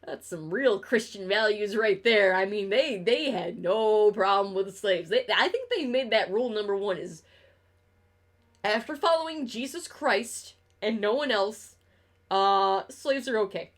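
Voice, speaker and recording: A woman's voice: mid-range voice, unhurried. A young woman streaming a game, chatting casually in a rambling, sarcastic and profane way, laughing often. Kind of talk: casual chat while gaming on stream.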